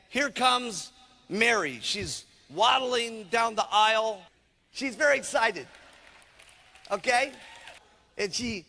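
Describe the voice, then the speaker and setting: A man's voice: sits high, fairly bright tone. A man giving a motivational sales seminar talk to distributors, emphatic and repetitive, heard in a reverberant hall. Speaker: company founder speaking to distributors.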